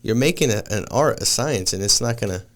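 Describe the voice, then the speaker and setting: A man's voice: on the low side, lively intonation, a little fast, fairly bright tone. A man in his thirties hosting a casual podcast chat, laid-back and calling his guest dude and man. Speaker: podcast host.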